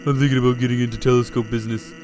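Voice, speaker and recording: A man voicing a lazy, joking male skeleton shopkeeper in deadpan salesman patter while reading game dialogue aloud. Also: mid-range voice, very fast, close to an everyday voice. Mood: deadpan pitch. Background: game music.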